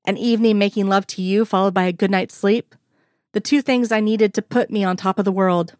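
A woman voicing a gentle, grateful middle-aged man who speaks softly and tenderly to his lover, in an audio story. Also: mid-range voice, steady tone, fairly quick, dry recording, studio quality, lightly acted. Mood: playful.

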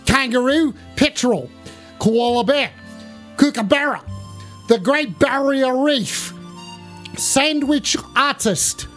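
A man putting on a mock Australian accent, slowly drawing out a silly list of clichés. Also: extremely high pitch, fairly bright tone, soft background music, exaggerated voice. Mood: joking. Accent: put-on Australian. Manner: slow, silly, drawn-out word list. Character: goofy mock Aussie bloke listing clichés.

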